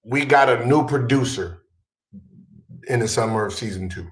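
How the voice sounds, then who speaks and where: Male podcast host, swearing, loud and exasperated, echoey room. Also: mid-range voice, normal speed. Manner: exasperated, loud comic outbursts. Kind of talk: profane casual storytelling.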